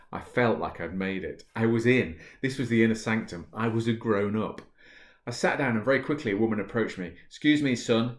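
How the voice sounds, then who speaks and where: Male author-speaker, deeper voice, easygoing chat that moves into a storytelling read, roomy echo. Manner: relaxed and chatty with fillers, reading at an easy, storytelling pace. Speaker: positive psychology author and speaker. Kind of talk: casual talk to camera, then reading a book passage aloud. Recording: roomy, echoey room.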